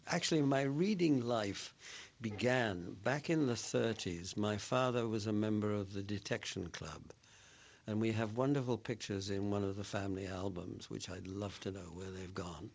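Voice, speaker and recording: A man's voice: lowish voice, moderate pace, vocal fry. An older man, an actor and author from Scotland, answering radio interview questions in a rambling, anecdotal way with frequent restarts.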